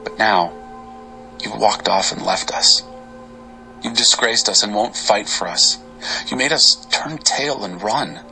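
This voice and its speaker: A man giving an expressive, dramatic reading of Bible psalms over faint music. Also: on the low side, slow pace, gravelly, pauses often, poor audio. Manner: expressive, varied delivery. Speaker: scripture reader.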